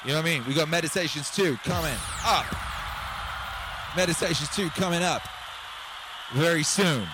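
Excitable man hosting a music stream. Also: on the high side, moderate pace, pauses often, background noise. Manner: excitable, rambling, bursts into shouts. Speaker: music livestream host. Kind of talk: hyped live stream chat over music. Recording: music playing loudly behind.

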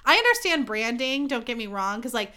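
A woman's voice: on the high side, sing-song, a little fast, bright, forceful tone. A young woman hosting her own podcast, chatting candidly and swearing freely in a self-mocking way. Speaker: podcast host. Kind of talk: casual solo podcast chat.

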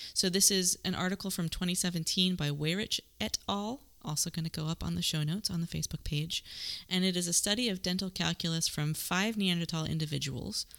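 Casting: woman podcast co-host, bright, lowish voice, chatty explainer with jokes. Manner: explains at length with jokes, laughs easily. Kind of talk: casual science podcast chat.

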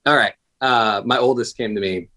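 A man's voice: medium pitch, moderate pace, pushed and bright. A man in his thirties, a paramedic guest on a podcast, chatting casually in a rambling, self-interrupting way. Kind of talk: casual conversation.

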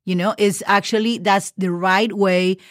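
Her voice is medium-pitched and steady as this Spanish teacher hosts a casual podcast lesson, recorded dry with clean studio sound. She patiently spells words letter by letter, checks in often with "okay," and slows down for example sentences.

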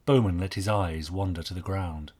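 A man narrating a mystery story with an expressive, varied delivery. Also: low-pitched, normal speed. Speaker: audiobook narrator.

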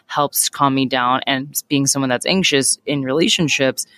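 A woman's voice: very deep voice, fairly even intonation, moderate pace, fairly bright tone, dry recording. A woman hosting a podcast, chatting casually, agreeing readily and asking eager questions. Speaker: podcast host.

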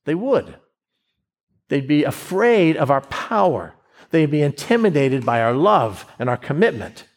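A man from the United States preaching a sermon as pastor, in a conversational style that swings between slow, emphatic phrases and quick asides. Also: a little high, sing-song.

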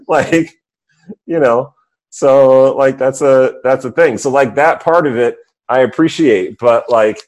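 A man's voice: medium pitch, slow, a little mellow. A man hosting a casual chat, loose and candid, with lots of "like" fillers.

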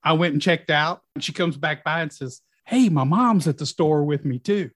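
A man's voice: fairly high pitch, normal speed, dry recording. Middle-aged man, storyteller, acts out dialogue, dry close recording. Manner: lively storyteller, acting out quoted dialogue. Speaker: guest in recovery. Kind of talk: personal storytelling.

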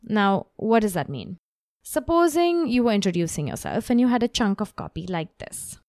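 Lively woman giving a writing lesson. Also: mid-range voice, normal speed, smooth, no room sound, clean studio sound. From grew up in Bombay, India. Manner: expressive, reads example copy aloud. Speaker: copy coach and podcast host.

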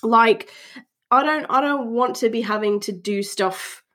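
A woman's voice: a little high, a little slow, fairly bright tone. Chatty young woman co-hosting a podcast. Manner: chatty, full of "like" and restarts, laughs often. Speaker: podcast co-host. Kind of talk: casual chat.

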